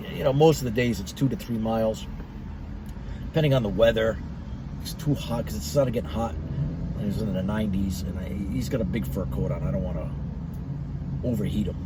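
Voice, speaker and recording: A man's voice: mid-range voice, background noise. A middle-aged man reviewing cigars in a blunt, profane, rambling monologue.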